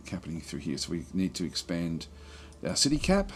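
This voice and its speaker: A man giving relaxed let's play commentary on a strategy game, thinking aloud with many fillers and restarts. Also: low voice, brisk, a little hiss or hum.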